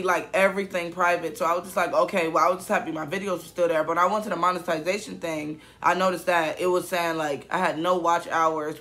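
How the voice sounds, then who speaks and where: A man's voice: high voice, bright, forceful tone. A man in his twenties, a YouTuber, telling a rambling, upset story in a casual vlog, full of fillers and restarts. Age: 20s. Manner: upset, emotional.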